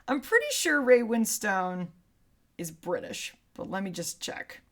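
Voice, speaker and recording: A woman co-hosting a podcast, chatting casually about a movie with quick asides and frequent laughs. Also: medium pitch, big pitch swings, fairly bright tone. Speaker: podcast co-host.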